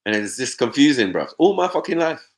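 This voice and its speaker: A man's voice: medium pitch, very animated, fairly quick. A young man of Nigerian background, chatting loosely, swearing freely and slipping into mimicked voices. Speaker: panel host. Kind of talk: casual chat.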